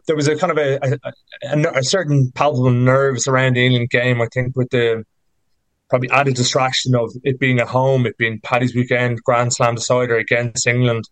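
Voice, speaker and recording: A man's voice: mid-range voice, little pitch movement, fairly quick, a bit bright, no room sound, rough recording. A man in his thirties with an Irish accent, a rugby player talking through his games in a casual podcast interview, rambling with many fillers.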